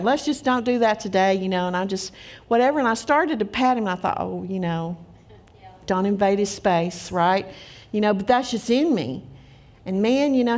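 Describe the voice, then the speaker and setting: A middle-aged woman preaching a sermon, telling stories in an earnest, emphatic way. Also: mid-range voice.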